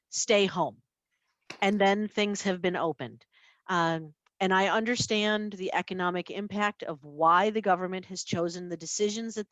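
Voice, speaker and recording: A woman, the library's chief executive, giving her report at a board meeting and explaining her decisions in a measured way with a few fillers. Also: mid-range voice, fairly bright tone, no room sound. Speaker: library CEO.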